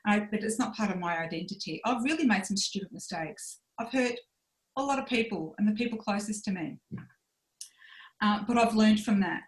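This is candid personal conversation from a podcast guest, a woman in her forties who reflects openly and performs her inner monologue as she narrates. She speaks at medium pitch and a moderate pace, recorded in a roomy, echoing space.

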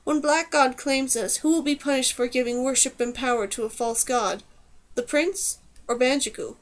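An earnest, cheerful old tribal man who speaks formally in simple phrases, as a woman narrator voices him. The voice sits a little high. It is an audiobook reading of a fantasy novel. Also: moderate pace, natural voice.

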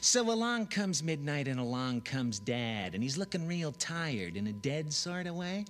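A man's voice: on the high side, big pitch swings, a little slow. Man doing a swaggering slangy Hamlet. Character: brash slangy modern male Hamlet, fast talker.

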